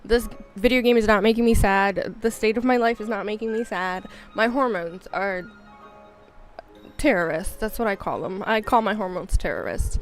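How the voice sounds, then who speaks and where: A woman's voice: medium pitch, normal speed, soft background music. A woman in her thirties streaming a game, talking in a rambling, candid, self-mocking way. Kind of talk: casual chat while gaming.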